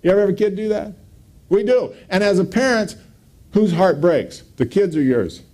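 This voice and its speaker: Male pastor, mellow voice, emphatic sermon delivery. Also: normal speed. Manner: emphatic preaching, pitch rising on quoted scripture.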